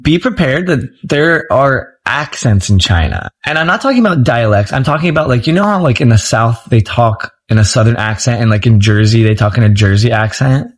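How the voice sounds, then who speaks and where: Man from the States, casual vlogger, counts off travel tips with a relaxed, filler-heavy delivery. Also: mid-range voice, a little fast, hardly any pauses. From United States. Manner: casual, numbered points, filler words.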